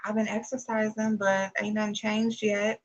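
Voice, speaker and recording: A woman's voice: mid-range voice, little pitch movement, normal speed, dull audio. A young woman hosting a casual livestream while doing her makeup, chatty and a little nervous, greeting viewers by name. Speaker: beauty YouTuber hosting a livestream.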